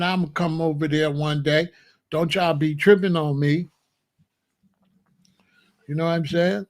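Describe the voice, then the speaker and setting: A man hosting a comedic monologue, preachy and full of rhetorical questions. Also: fairly high pitch. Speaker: comedian host.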